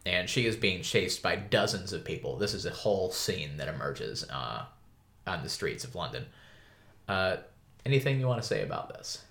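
A man co-hosting a podcast, chatting casually about a book, with relaxed fillers and restarts. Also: low voice, normal speed, creaky. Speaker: podcast co-host.

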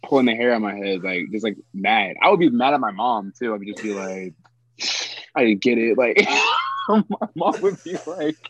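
A man's voice: lowish voice, moderate pace, fairly bright tone, muffled recording. A young man guesting on a casual chat with a friend, laid-back and slangy, teasing and full of fillers. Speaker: podcast guest.

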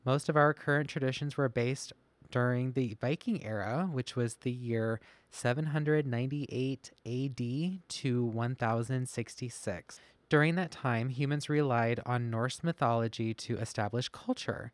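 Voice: mid-range voice, measured pace, no room sound. Podcast host reading notes, dry sound. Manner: reads from a phone, self-deprecating and chatty asides. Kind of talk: casual podcast chat, reading research notes aloud. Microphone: podcast mic, masked.

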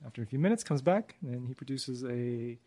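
A man's voice: mid-range voice, lively intonation, brisk, mellow. A man narrating as game master of a tabletop game, describing scenes loosely with fillers.

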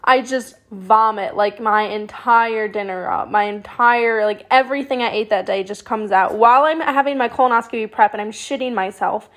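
A young woman with a slightly high voice talks through her own stories on a podcast. Her delivery is loose and animated, full of "like", casual swearing and a conversational, unscripted flow. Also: normal speed, hardly any pauses. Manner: chatty and animated, with frequent "like", swearing and laughter. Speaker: podcast host. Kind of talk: casual storytelling monologue.

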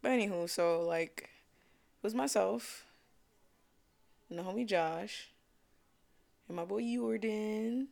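A man's voice: high-pitched, slow, gravelly, long pauses, darkish tone. A young man from Brooklyn with a New York accent, hosting his own podcast in a laid-back, slangy, rambling chat. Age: young adult. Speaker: podcast host. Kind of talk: casual solo podcast chat.

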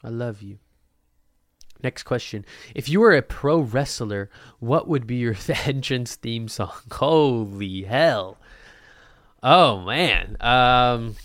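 A man's voice: mid-range voice, a bit bright, dry recording, studio quality. A young man hosting a casual solo podcast, answering listener questions in a loose, jokey way and swearing freely. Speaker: podcast host. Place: Portland.

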